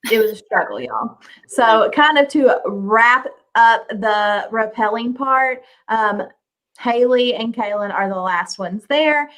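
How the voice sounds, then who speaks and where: A tired young woman co-host, her voice bright and tense and somewhat high. She chats loosely and keeps calling the listeners "y'all". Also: slow pace. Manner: casual, says y'all often. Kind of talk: casual recap chat.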